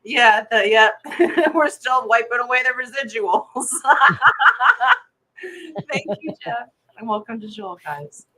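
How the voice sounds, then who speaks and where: A woman hosting a relaxed morning livestream, talking slowly with a bright, sharp tone that sits a little high. She laughs often as she greets viewers and chats with her co-host. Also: low-quality recording. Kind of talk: casual morning livestream chat.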